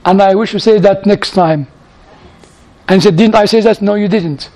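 Mann mit sehr hoher Stimme und fremdem Akzent, erzählt Anekdoten vor einer Gemeinde, wiederholt Wörter und lacht leise. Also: male voice, high-pitched, normal speed, a little mellow. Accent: foreign accent in English. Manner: storytelling, repeats words, chuckles at his own anecdotes. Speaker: church speaker answering audience questions. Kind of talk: informal Q&A teaching.

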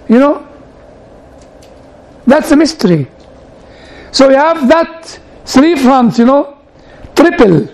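A man preaches a conversational sermon, chatty and constantly turning to the audience with "you know" and side questions. His voice is very high with a darkish tone, and the audio is poor.

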